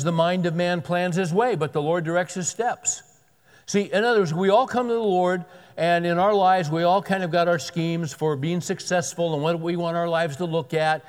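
Guy preaching a sermon, chatty but emphatic, slightly higher voice, big echoey hall. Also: a little mellow. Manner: conversational preaching with emphatic repetitions. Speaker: pastor. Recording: long hall reverb.

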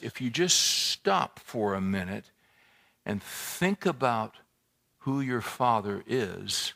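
A man's voice: medium pitch, creaky. A male pastor preaching a sermon in a church, speaking conversationally, asking the congregation questions and repeating himself as he builds a point. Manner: conversational, animated preaching with rhetorical questions and repetitions.

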